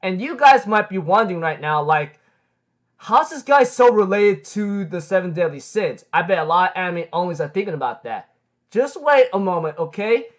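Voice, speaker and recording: A young man casually recapping an anime episode, rambling with many fillers like um and like. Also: sits high. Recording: dull lo-fi recording.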